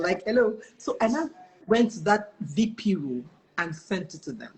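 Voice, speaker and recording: A woman with a Nigerian accent, a guest telling a story in an interview, animated and quoting what people said with lively exclamations. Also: lowish voice, moderate pace. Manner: animated storyteller who quotes dialogue with exclamations.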